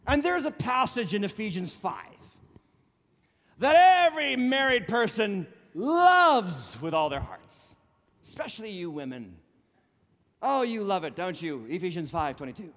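A middle-aged male pastor preaching a sermon in an animated, joking way, with sarcastic asides. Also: high voice, in a large hall. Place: church sanctuary.

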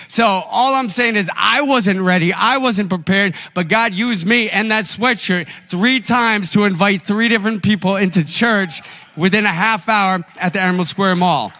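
Bright-voiced male pastor preaching. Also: sits high, moderate pace, long reverb tail. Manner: animated, conversational storytelling with acted quotes. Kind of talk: sermon with storytelling.

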